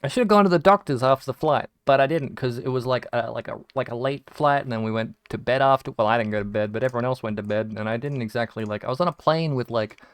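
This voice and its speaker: A man's voice: medium pitch, fast talker, hardly any pauses, smooth, no room sound, studio quality. A young Australian man telling rambling stories full of restarts and swearing while he plays a game. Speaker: video game streamer. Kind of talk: casual storytelling while gaming.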